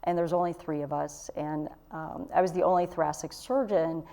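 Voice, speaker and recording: A woman's voice: low voice, fairly even intonation, normal speed, creaky, dark tone. A middle-aged woman with a Michigan accent, a surgeon guest in an interview, friendly and laughing easily. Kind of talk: casual interview chat.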